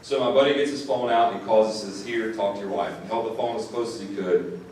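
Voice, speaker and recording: Male deputy, earnest storyteller, low voice, recorded from a distance in a very echoey lecture room. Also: fast talker, darkish tone. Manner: earnest, repeats words when moved. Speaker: sheriff's deputy speaker. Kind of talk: first-person storytelling to an audience. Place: classroom or lecture hall. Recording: distant mic in an echoey room, faint noise.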